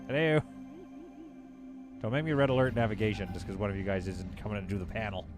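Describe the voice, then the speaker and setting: A man's voice: fairly low pitch, quick pace. Guy streaming a space game, chatting loosely with chat, music going behind him. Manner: chatty, reads chat aloud, laughs often. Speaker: livestream gamer host. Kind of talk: casual live-stream chat.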